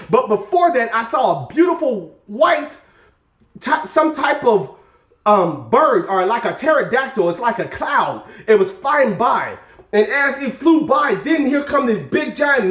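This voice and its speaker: A man telling a personal story in casual vlog style, emphatic and animated, often asking "guess what". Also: extremely high pitch, echoey room. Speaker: vlogger.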